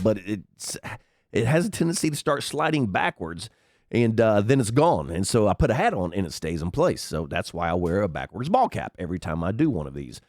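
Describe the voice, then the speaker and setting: A congested man with the sniffles hosts his own podcast, rambling through a chatty monologue of commentary and swearing freely into a headset mic. His cold leaves his voice unusually deep with a darkish tone, and the recording is dry.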